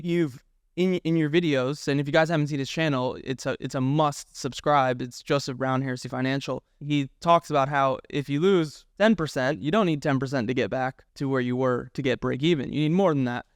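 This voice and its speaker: A man's voice: mid-range voice, clear, resonant tone, dry recording, clean studio sound. A man hosting a podcast, asking long questions with restarts in a casual way. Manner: halting, restarts questions, quick. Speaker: podcast host.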